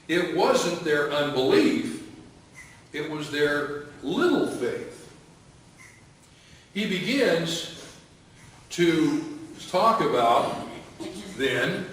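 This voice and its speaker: A man preaching a sermon as pastor, unhurried, with many fillers and restarts. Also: fairly high pitch, a bit bright, a little hiss or hum. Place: church sanctuary. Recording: echoey church hall, voice from a distance.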